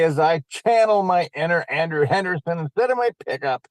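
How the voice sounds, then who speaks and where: A man's voice: sits high, fairly quick, few pauses, no echo. A man hosting a talk show, chatting in an easygoing, joking way. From Nebraska. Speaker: host. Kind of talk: casual talk show chat.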